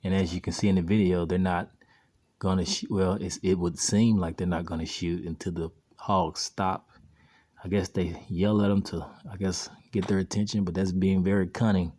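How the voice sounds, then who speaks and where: A man with a very low, mellow voice teaches a casual Bible lesson. He rambles and poses rhetorical questions to his listeners before answering them himself. His delivery is loose and unscripted. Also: flat delivery, normal speed. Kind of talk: informal scripture lesson over video clips.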